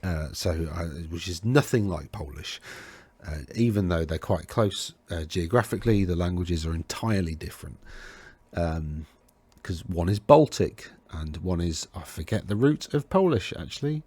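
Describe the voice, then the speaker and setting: A man with a low, husky, darkish voice talks at a normal pace and with animation, recorded dry with no room sound. He hosts a tabletop wargame podcast, casually rambling over game lists, correcting himself as he browses, his throat a bit tickly.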